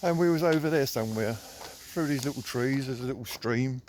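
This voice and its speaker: A man's voice: medium pitch, moderate pace, darkish tone, a little hiss or hum. A middle-aged man, chatting casually and grumbling while walking his dog outdoors, filming on a phone. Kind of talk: casual walking vlog chat. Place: outdoors on a park path.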